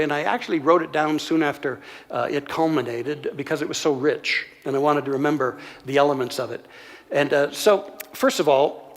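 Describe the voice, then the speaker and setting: A minister telling a story in a sermon, earnest and measured, pausing often with "uh", recorded in a church sanctuary. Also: male voice, on the high side, in a large hall.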